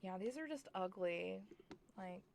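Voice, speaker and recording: A tired young woman from Oklahoma with an Oklahoma accent, chatting excitedly and rambling as she streams a life-simulation game. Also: mid-range voice, a little slow, gravelly, a little hiss or hum. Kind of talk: casual chat while playing a game.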